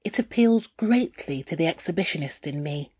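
A woman reading her own first-person memoir aloud in a candid, unhurried storytelling manner. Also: low-pitched, expressive, darkish tone, slightly rough, no echo. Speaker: narrator.

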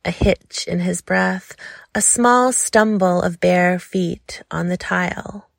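A woman narrating a sensual audiobook story in a slow, measured, soft manner. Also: on the low side, gravelly, no echo, studio quality.

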